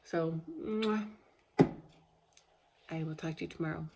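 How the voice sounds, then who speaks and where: A woman's voice: low-pitched, unhurried, creaky, very noisy. A woman talking candidly in a personal video diary, emotional and a little tearful, rambling as she goes. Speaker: video diarist. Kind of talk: casual personal vlog.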